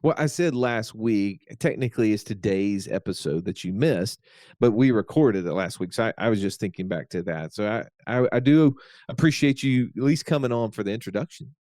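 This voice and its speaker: A man's voice: fairly low pitch, brisk, a little mellow, dry recording, studio quality. A man hosting a podcast, introducing the episode in an upbeat, teasing, easygoing way. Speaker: podcast host. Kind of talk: casual podcast chat.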